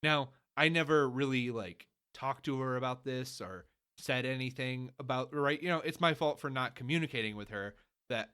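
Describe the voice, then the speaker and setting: A man's voice: mid-range voice, normal speed, sharp tone, clean tone. A married man co-hosting a casual podcast chat, laying out his points at length and with emphasis. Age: adult, married. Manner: long-winded, laying out rules with emphasis. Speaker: podcast co-host.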